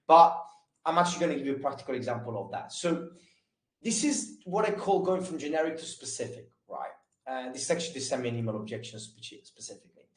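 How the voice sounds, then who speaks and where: On a call, a man with a fairly high voice leads a live, casual sales training session, talking fast and loosely with lots of fillers and restarts. The low-quality recording has a roomy sound.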